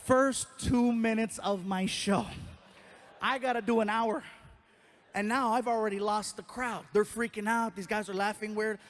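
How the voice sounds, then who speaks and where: A man doing animated stand-up storytelling on a live stage, acting out the people in his story. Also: sits high, measured pace. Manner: animated storyteller who acts out other voices. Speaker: stand-up comedian.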